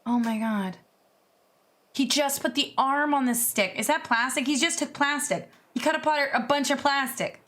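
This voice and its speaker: Woman, streamer, casual reaction chat, excitable, gushing, swears a lot, fairly high voice. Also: normal speed. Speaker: VTuber streamer.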